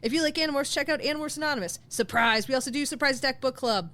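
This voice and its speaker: A woman co-hosting a podcast, reading a playful outro with mock threats and quick jokes. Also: high voice, pushed and bright. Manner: mock-threatening, jokey plugs. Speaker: podcast co-host.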